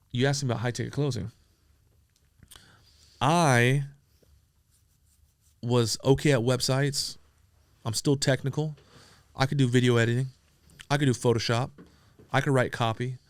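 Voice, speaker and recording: A man from San Diego telling profane, animated stories as an interview guest, acting out the dialogue he quotes. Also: mid-range voice, measured pace, pauses often, clear, resonant tone, no room sound. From San Diego, USA. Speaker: entrepreneur guest. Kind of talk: casual storytelling interview.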